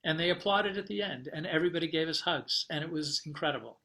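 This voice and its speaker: A man being interviewed as a guest travel writer, telling a story in an animated, rambling way with fillers and restarts. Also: a little high, fast talker.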